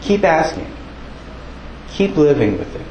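Slow-talking man preaching in an echoey church. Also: on the high side, big pitch swings, darkish tone, slight background noise. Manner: conversational, acts out townsfolk in raised voice. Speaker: pastor. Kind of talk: sermon.

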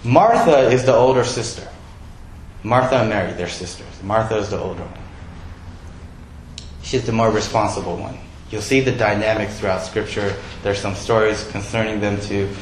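A man's voice: fairly low pitch, moderate pace, roomy sound, slight background noise, poor audio. A male pastor giving a sermon in a conversational way, asking his listeners questions.

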